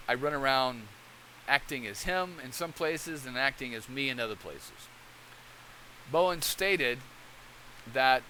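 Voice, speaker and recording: A man delivering rambling, conversational commentary as a channel host. His voice has a bright, slightly strained edge, and a faint hiss runs underneath. He often pauses to check in with the listener. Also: medium pitch, poor audio. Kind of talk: casual commentary.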